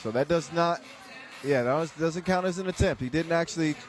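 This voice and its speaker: A man giving live, joking commentary on a dunk contest, excitable and chuckling between calls. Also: on the high side, fairly quick, slight background noise.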